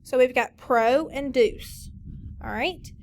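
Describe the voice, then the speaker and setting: A woman teacher leading a recorded phonics lesson, slowly modeling and stretching out each word for students. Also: high-pitched, a little hiss or hum. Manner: slow, drawn-out modeling of words.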